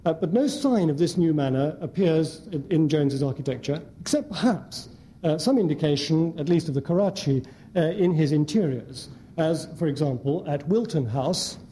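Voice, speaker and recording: A man lecturing an audience in a measured way, with frequent hesitant fillers. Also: fairly high pitch, expressive, mellow. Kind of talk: academic lecture with slides. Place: lecture hall before an audience.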